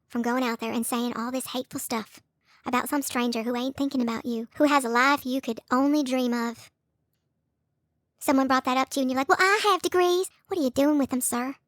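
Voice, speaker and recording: A woman rants at two people, scolding and sarcastic, mocking them in shrill put-on voices. Her voice sits high. The sound is dry and close, with no room around it. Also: no echo. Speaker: YouTube commentator. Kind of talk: confrontational call-out rant.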